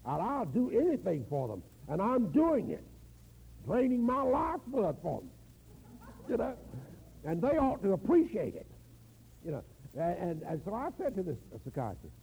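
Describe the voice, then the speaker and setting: An older man preaching a sermon in a folksy, storytelling manner, drawing out words for emphasis, with a gravelly voice. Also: high voice, huge pitch swings, moderate pace, dark tone, a little hiss or hum, poor audio.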